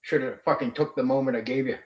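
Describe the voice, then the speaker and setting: A man's voice: medium pitch, steady tone, fast, darkish tone, reverberant. A man hosting a tabletop gaming stream, ranting bluntly and profanely at his chat. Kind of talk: livestream rant.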